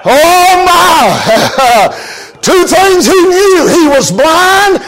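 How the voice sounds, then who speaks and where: A male preacher delivers a fervent sermon in a strikingly high voice. He often shouts, breaks into short laughs, and scatters amens and hallelujahs between his lines. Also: sing-song, extremely slow, a crowd in the background.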